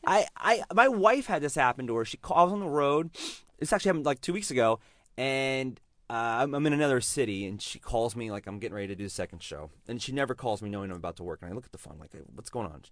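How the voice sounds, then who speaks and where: A man's voice: mid-range voice, animated, fast, no room sound, studio quality. A male comedian chatting casually, telling stories, acting out quotes and laughing often. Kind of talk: casual podcast chat.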